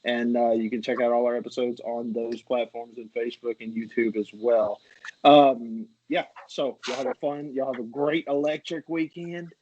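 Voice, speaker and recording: A man's voice: mid-range voice, fairly even intonation, normal speed, darkish tone, highs cut off, a little hiss or hum. A man hosting a podcast, rambling through a jokey, casual sign-off full of fillers. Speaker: podcast host.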